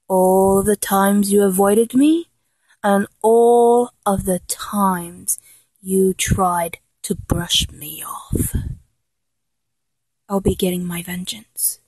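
A woman's voice: medium pitch, darkish tone, breathy edge, no room sound, rough recording. A woman with an English accent voicing an obsessive, vengeful young woman fan in a whispered role-play, swinging between menacing whispers and manic laughter. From England.

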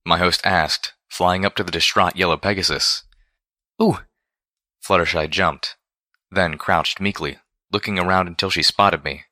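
Male story reader, very low pitch, bright forward tone, steady storytelling. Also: normal speed, no echo, studio quality. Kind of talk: fan fiction read aloud.

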